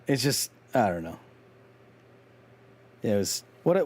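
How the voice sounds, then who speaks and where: A man hosts a live game stream, chatting casually with viewers and talking back to chat. His lowish voice is very animated but slow, darkish with a breathy edge, and he rambles with frequent ums and restarts while poking fun at himself.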